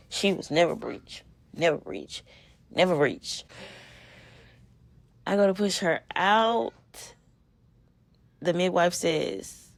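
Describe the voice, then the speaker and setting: A woman's voice: low-pitched, gravelly, no room sound. A woman in her thirties hosting a podcast, telling a personal story in a candid, emotional, conversational way with casual slang. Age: 30s. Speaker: podcast host.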